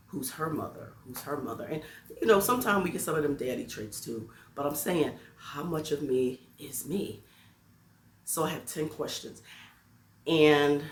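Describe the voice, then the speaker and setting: Low-voiced woman telling a lively teacher story. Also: slight background noise. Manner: playful, laughing, talks straight to viewers. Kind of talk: casual storytelling to camera. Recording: echoey room.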